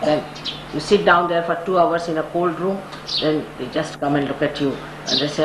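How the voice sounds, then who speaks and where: A woman's voice: low-pitched, normal speed. Woman giving an echoey devotional talk. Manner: storytelling, rises sharply when stressing points. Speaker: spiritual teacher. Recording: echoey room with audible noise.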